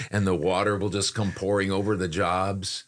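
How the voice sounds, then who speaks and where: A man's voice: low-pitched, little pitch movement, moderate pace. An older man and voiceover talent, co-hosting a casual podcast chat and rambling with frequent restarts.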